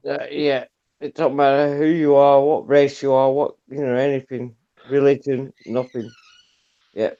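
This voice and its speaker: Mellow agreeable man, muffled. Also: mid-range voice, level tone, normal speed, clear, resonant tone. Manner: agreeable, backs up the host with short replies. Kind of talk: casual chat.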